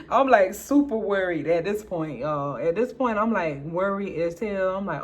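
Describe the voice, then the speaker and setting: Brief: young woman vlogger, chatty storyteller, voices both sides of a talk, jumps high for exclaims, faint room noise. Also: takes it slowly, pauses often. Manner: animated, acts out both sides of a dialogue, jumps high for her own exclaims. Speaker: beauty vlogger. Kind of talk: casual storytelling while doing makeup.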